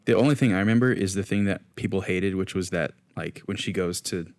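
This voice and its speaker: Man, podcast co-host, casual rambling chat, very low pitch, clean resonant tone. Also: brisk. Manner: loose and rambling, many restarts and "like".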